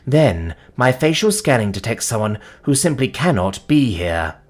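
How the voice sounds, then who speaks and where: A man reading a first-person sci-fi story as narrator, deliberate and even. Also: medium pitch, soft background music.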